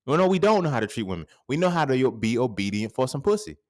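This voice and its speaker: A man in his thirties hosting a podcast, talking in a casual, profane monologue that swings into sudden loud outbursts. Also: medium pitch, sing-song, fast talker. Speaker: podcast host.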